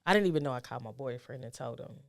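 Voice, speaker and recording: A middle-aged woman speaking as a guest, telling a personal story in a soft, halting, reflective way and becoming urgent when she gives advice. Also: a bass voice, lively intonation, gravelly.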